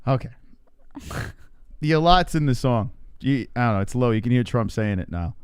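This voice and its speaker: A man co-hosting a casual live stream, loud, profane and excitable, quick to shout. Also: medium pitch, clear, resonant tone, no echo, studio quality. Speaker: podcast co-host.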